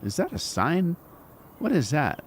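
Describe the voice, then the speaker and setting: Chatty streamer man, lively pitch. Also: measured pace, slight background noise. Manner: chatty, talks to chat viewers while playing. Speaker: gaming streamer. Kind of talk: casual live-stream commentary.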